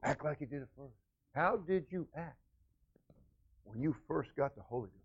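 A man preaching a sermon as senior pastor, animated and calling out to his congregation. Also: high voice, husky, muffled recording. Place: church.

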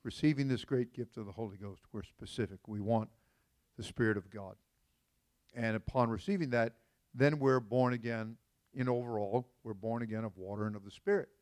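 A man in the pulpit as senior pastor, talking with his congregation more than at it. He slips into folksy, joking asides and then comes back to his point. His voice sits at an ordinary middle pitch. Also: steady tone, moderate pace, a little mellow. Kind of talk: conversational sermon. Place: church sanctuary.

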